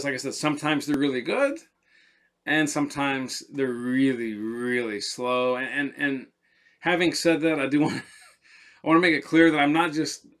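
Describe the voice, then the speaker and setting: Animated, rambling man reviewing perfume. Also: a little high. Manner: animated, rambling, repeats words. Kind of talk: casual vlog review.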